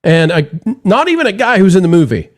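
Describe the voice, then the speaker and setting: Panel host, male, slightly high voice, chatty with restarts. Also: very animated, quick pace. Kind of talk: casual panel chat.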